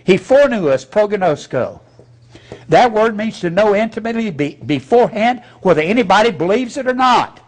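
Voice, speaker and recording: A man's voice: sits high, lively intonation, moderate pace. A man preaching a sermon as pastor, speaking bluntly and folksily with mocking asides.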